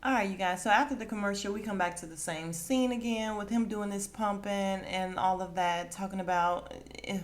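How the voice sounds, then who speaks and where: A woman's voice: medium pitch, moderate pace. A woman hosting a podcast who recaps a reality show in a casual, gossipy way, laughs often and acts out the quotes. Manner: acts out quotes in put-on voices. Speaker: podcast host.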